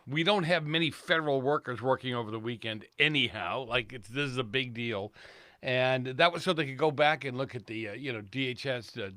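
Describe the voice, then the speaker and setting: Chatty, animated male political guest. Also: mid-range voice, no room sound. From California. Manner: chatty, laughs easily. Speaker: regular guest commentator. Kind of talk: casual political chat.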